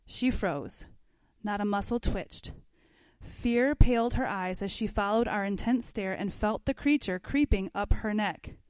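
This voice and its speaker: A woman's voice: mid-range voice, measured pace, darkish tone, no echo. A woman teaching a parenting class, reading passages aloud from a book and adding casual comments with questions to her listeners. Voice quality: conversational, asks the class questions.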